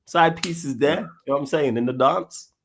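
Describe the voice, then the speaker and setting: Quick-talking man, casual football stream co-host, animated banter. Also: on the high side. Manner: fast, animated, talks over others.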